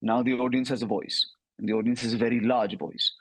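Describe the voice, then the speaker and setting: A man's voice: medium pitch, steady tone, a little fast, slightly rough, dry recording, low-quality recording. A man, a comedian guest in an interview, answering in a conversational, reflective way with occasional fillers.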